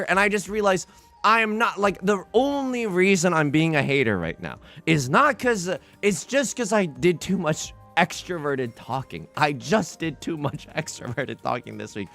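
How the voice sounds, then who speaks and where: A man chats casually on a livestream, telling a rambling story with lots of false starts and cheerful swearing. His voice is bright and forward, and it swings widely in pitch as he gets animated. Quiet music plays behind him. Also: normal speed, creaky.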